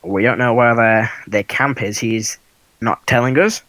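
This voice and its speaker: A man voicing a stern woman town marshal in armor, brisk and matter-of-fact, in a tabletop game. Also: medium pitch, a bit bright, no room sound, lightly acted, poor audio. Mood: firm.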